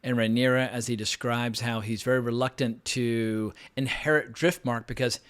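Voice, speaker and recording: A man reviewing a TV episode in a relaxed, conversational way, opinionated and now and then profane. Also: medium pitch, moderate pace, smooth. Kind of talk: casual spoken TV episode review.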